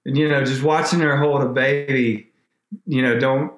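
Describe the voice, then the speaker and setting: A man, a podcast guest, telling an emotional faith story in a rambling, animated way with many restarts. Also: mid-range voice, a little slow, echoey room.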